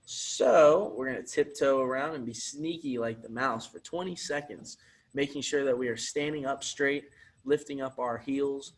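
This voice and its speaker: A man's voice: mid-range voice, moderate pace. A man teaching physical education, reading a picture book aloud and coaching children through movement breaks in an upbeat, encouraging way.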